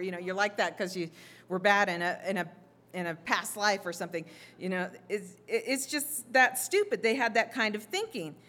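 A woman preaching with a fairly high voice. She moves from plain explaining to fervent, near-shouted passages, acting out the cries of scripture figures. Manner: builds to impassioned shouting, acts out scripture voices. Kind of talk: sermon.

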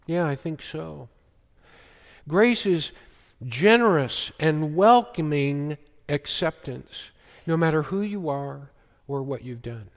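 Man, pastor, sermon, slow deliberate delivery, fairly high voice, long church reverb. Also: animated, creaky. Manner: slow, emphatic preaching with quoted scripture.

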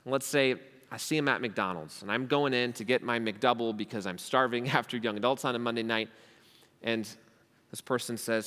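A man's voice: mid-range voice, fairly quick, fairly bright tone, big-room sound. Emphatic young male pastor preaching. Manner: emphatic, asks rhetorical questions. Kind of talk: sermon. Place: church hall.

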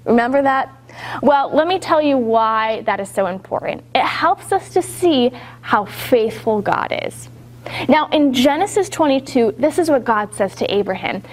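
A woman with a high, bright voice tells a Bible story to young children. She keeps it animated and upbeat and keeps asking them to act along. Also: moderate pace. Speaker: children's church teacher.

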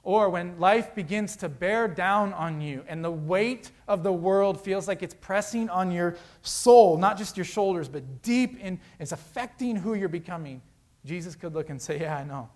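A pastor delivers his sermon at a measured pace, sounding earnest and conversational. He alternates between booming emphasis and quiet, hushed lows.

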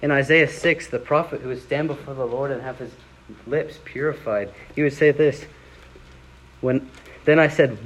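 A young man preaching a sermon, chatty and relaxed, then swelling into dramatic readings of scripture. His voice sits at an ordinary middle pitch. A faint hum of room ambience runs underneath. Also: normal speed, low-quality recording.

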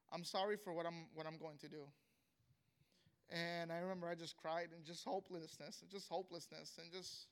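A man, a pastor, telling a personal testimony in an earnest, emotional way, often halting and repeating words as he talks. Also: sits high, a bit bright, clean tone.

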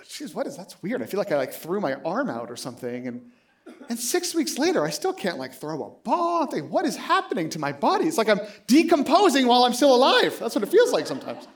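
A man's voice: high-pitched, huge pitch swings, fast. A man in his late thirties preaching a sermon, telling stories with lots of animation, acting out both sides of a dialogue and laughing often while he talks. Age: late 30s. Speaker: pastor.

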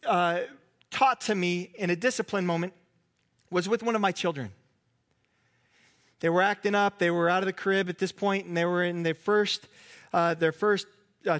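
A man preaching a sermon as pastor, earnest, at times dropping to a soft hush. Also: high voice.

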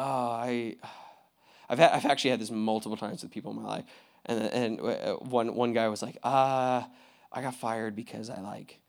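A young adult man preaching a sermon as pastor, in a casual, slangy way, often laughing and swinging from quiet asides to loud outbursts. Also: medium pitch, gravelly.

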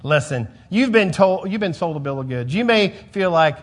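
A male pastor preaching a sermon, emphatic, repeating phrases and swinging between loud and soft. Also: on the high side, very animated, normal speed.

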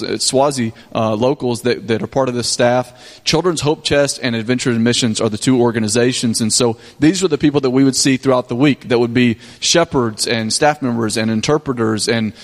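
Pastor telling mission stories. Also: male voice, medium pitch. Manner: casual storytelling with frequent restarts and fillers. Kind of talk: mission trip report to a congregation. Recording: long hall reverb.

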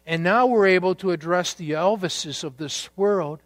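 A man preaching a sermon, deliberate and emphatic, with dramatic pauses. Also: high-pitched, no echo. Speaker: pastor.

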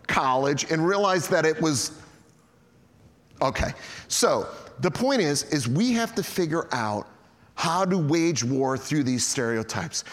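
Animated preacher in an echoing hall. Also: male voice, a little high. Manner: storytelling, animated, addresses the congregation as guys. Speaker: pastor. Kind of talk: sermon.

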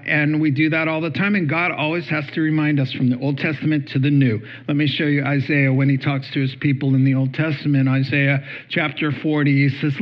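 A male pastor preaching a conversational sermon, animated, with playful asides and acted-out quotes. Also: on the high side, lo-fi sound.

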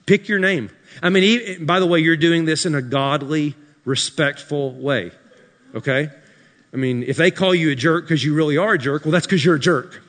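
A pastor preaching a sermon to his congregation, building to shouted peaks and dropping into dry, sarcastic asides. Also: fairly high pitch. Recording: live sermon in a reverberant hall.

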